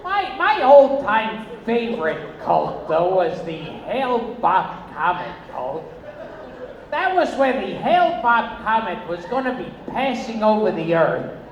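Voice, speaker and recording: A man performing a stand-up comedy set on a casino stage, with shrill, abrupt outbursts and deadpan asides. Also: slow, highs cut off. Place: casino stage, live audience. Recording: echoey, noisy audience bootleg.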